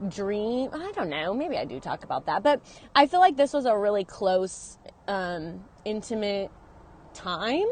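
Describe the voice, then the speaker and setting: Woman, confessional phone vlog, earnest and emotional, mid pitch, faint noise behind. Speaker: vlogger. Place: in and near her car.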